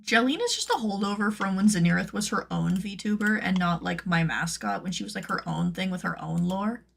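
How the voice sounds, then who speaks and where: A woman who makes cosplay patterns, chatting casually on her stream, rambling with lots of "like" and playful jumps into high silly tones. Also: lively intonation, fairly quick, gravelly, a little hiss or hum.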